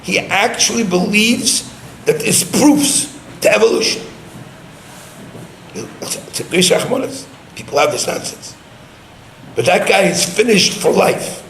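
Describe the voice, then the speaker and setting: A man's voice: sits high, a bit bright. A man giving a sermon as a rabbi, talking emphatically and with scorn, dropping Hebrew and Yiddish terms. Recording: roomy echo, faint background hum.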